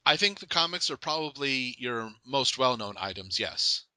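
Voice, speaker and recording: A man's voice: medium pitch, expressive, moderate pace, bright, forceful tone, clear, resonant tone, dry recording. A young man hosting a casual interview, joking and laughing often. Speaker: podcast host.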